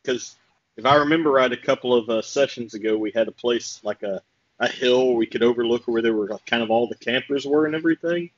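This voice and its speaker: A man's voice: mid-range voice, brisk, no echo. A man chatting as a tabletop game player, hesitant and often restarting, in a dry, slightly muffled recording. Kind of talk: casual tabletop game chat.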